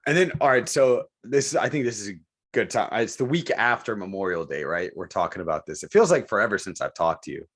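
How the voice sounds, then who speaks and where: Speaking fairly quickly in a lowish voice, this podcast co-host swaps military stories in a casual, profanity-laced way, bringing them to life by imitating the people he quotes.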